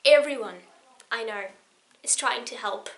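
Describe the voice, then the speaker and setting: A young woman in her twenties from Poland, speaking in an earnest, emotional personal vlog. She rambles a little and restarts her sentences often, in a slightly higher than average voice. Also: a little slow. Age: 20s. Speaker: vlogger.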